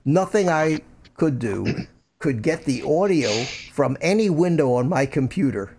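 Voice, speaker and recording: Older male streamer, gravelly, stammering, chatty desk-mic host. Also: fairly high pitch, expressive, a little slow, a little mellow. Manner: rambling, stammers and repeats words. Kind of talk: casual live-stream chat. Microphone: desk microphone through a USB mixer.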